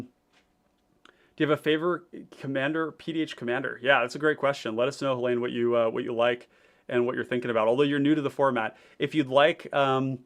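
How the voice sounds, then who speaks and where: A man chatting casually on a livestream, rambling with plenty of ums and restarts. He reads out viewer comments and plays through his deck in a relaxed, conversational way. His voice sits at an ordinary middle pitch. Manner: rambling, many fillers and restarts, reading chat aloud. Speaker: deck-building host.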